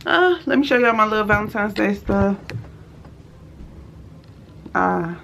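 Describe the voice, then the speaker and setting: A woman chats straight into her phone camera, talking to her viewers as y'all about her day. Her pitch sits in an ordinary middle range for a woman, and faint background noise runs under the recording. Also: animated, a little slow, vocal fry. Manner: chatty, addresses viewers as y'all; switches to soft whispers late at night. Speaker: vlogger. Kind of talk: casual vlog chat. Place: at home and in stores and car.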